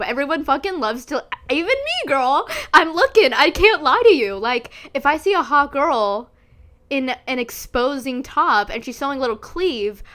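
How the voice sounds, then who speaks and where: A woman's voice: on the high side, a bit bright. Giggly young woman, candid chat. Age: 20s. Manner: candid and giggly, swears freely. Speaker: podcast host. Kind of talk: casual chat.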